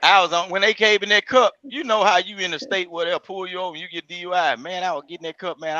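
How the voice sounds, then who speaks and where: A man's voice: high-pitched, steady tone, fast, hardly any pauses, pushed and bright, dry recording, muffled recording. A man with a Southern country accent, chatting on a live stream call in a drawling way, with folksy exclamations. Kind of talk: casual argumentative chat.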